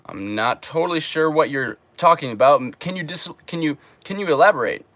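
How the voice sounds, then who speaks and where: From a home streaming room in Japan, a young man with a higher voice hosts a casual livestream, speaking briskly on a dry recording. Relaxed and joking, he reads viewer questions aloud and answers them with humor.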